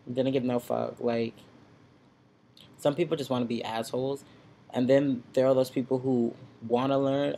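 Man, sassy casual vlog rant, blunt and outspoken, gravelly fry, faint room noise, computer webcam mic. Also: mid-range voice, darkish tone. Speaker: vlogger. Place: at home in front of a computer. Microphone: built-in computer webcam mic.

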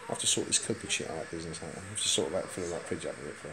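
A man's voice: deep voice, racing, sharp tone. A man, vlogging from indoors in a house, rambling bluntly and swearing constantly. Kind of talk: casual vlog chat.

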